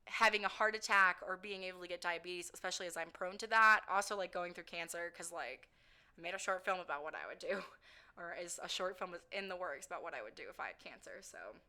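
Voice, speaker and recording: A woman's voice: on the low side, fast talker, sharp tone. A woman in her twenties, chatting through viewer questions in a rambling, self-deprecating way, full of "like" fillers. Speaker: vlogger answering viewer questions. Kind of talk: casual Q&A chat.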